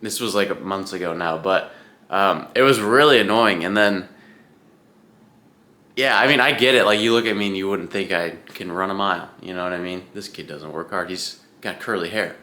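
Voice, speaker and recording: A young man talks to his camera at home, rambling about his bike and his training. His voice sits low but comes across bright and forward. He swears freely and rants in a loose, casual way. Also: moderate pace. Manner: chatty, swears freely, ranting. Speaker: vlogger training for an Ironman.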